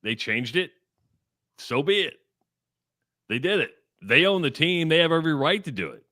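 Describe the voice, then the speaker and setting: Bright-voiced male sports radio co-host. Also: fairly high pitch, sing-song, normal speed, long pauses, no room sound, clean studio sound. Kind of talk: casual sports talk banter. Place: radio studio.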